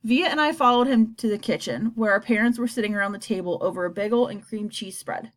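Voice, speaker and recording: A woman narrating a children's story aloud in an expressive reading voice. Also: mid-range voice, fast. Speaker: narrator, audiobook reader.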